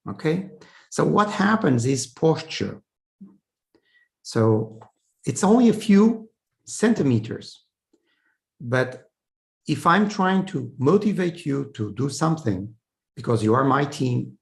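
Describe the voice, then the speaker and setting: A man, giving a relaxed online lesson from his chair. He talks in a conversational way and keeps linking his points with "so" and "okay". His voice sits at an ordinary middle pitch. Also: slow, vocal fry, pauses often. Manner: conversational, with frequent "so" and "okay" checks. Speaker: communication trainer. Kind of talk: online training talk. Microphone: video call setup.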